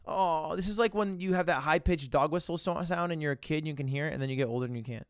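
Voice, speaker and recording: A young man streaming live, chatting casually with his viewers, animated and often swearing. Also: on the high side, fast, smooth, dry recording, clean studio sound. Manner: animated, swearing, talks to chat. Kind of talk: casual livestream chat.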